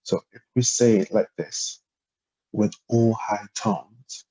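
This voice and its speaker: Male language tutor, husky low voice, patient and halting, recorded without a proper mic. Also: steady tone, dark tone, highs cut off. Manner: hesitant, lots of ums, spells out syllables and tones. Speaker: language teacher. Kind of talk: relaxed explanatory lesson.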